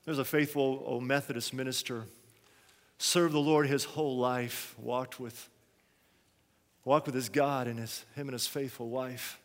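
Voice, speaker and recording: A male pastor preaching a sermon, swinging between quiet, hushed phrases and loud, raised ones. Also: medium pitch, fairly even intonation, unhurried, big-room sound.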